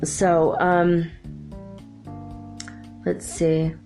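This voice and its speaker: With soft music in the background, the host draws out her words in a lowish, monotone, slightly mellow voice. She rambles chattily through her spiritual talk show, dropping "you know" and "like" constantly.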